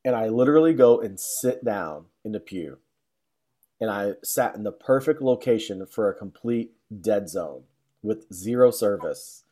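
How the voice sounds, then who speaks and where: A young man telling a long story in a casual, rambling way, full of fillers, now and then acting out quotes in a high, exaggerated voice. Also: lively intonation, a little slow, dark tone.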